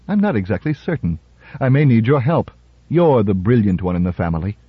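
A man reading aloud and voicing a smooth, self-assured male lawyer-politician with a wry, gently teasing manner. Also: fairly low pitch, big pitch swings, a little fast, no echo. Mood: warm. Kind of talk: radio story reading. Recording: dull, dry radio recording.

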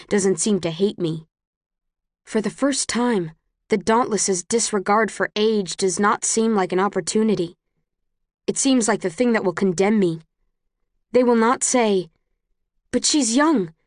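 A woman's voice: medium pitch, a little slow, no echo. Woman audiobook narrator, first person, earnest; dry, close recording.

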